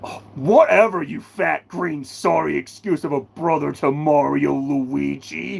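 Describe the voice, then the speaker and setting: A channel host doing a live fan Q&A, ranting excitably about characters with sudden bursts of shouting. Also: mid-range voice, a little slow, vocal fry, few pauses, husky.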